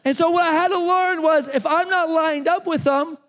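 Male pastor, breathless animated preaching, very high voice, church reverb. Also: moderate pace, some chatter behind. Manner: animated, talks straight to the congregation. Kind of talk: sermon with a live running demonstration. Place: church sanctuary. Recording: long reverb of a large church hall.

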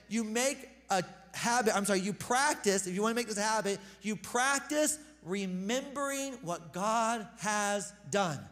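A man preaching a casual, conversational sermon as pastor, joking with the congregation and repeating words when he gets excited. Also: very high voice. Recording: long hall reverb.

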